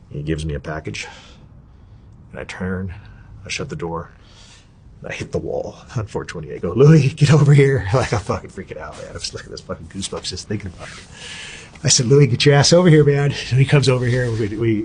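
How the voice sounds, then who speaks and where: Man, middle-aged, husky low voice, animated interview storytelling, swears freely. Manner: animated, profane storytelling, voices others in quotes. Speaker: interview guest.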